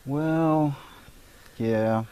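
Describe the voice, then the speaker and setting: A man's voice: a little high, extremely slow, warm tone, slight background noise. A man, co-hosting a casual weekly chat and joking about himself. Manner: jokey, self-mocking, chatty. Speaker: co-host of a weekly online chat show.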